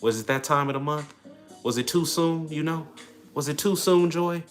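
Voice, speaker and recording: A man's voice: a little high, moderate pace, faint music behind. Brash young man trash-talking on a livestream. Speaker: livestream host. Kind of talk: casual livestream chat, reading and answering comments.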